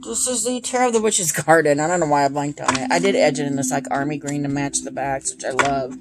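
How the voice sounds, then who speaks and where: Gushing about her tarot decks with plenty of ums, this woman in her thirties speaks low and quick. She's a tarot deck reviewer having a casual chat, recorded noisily at home.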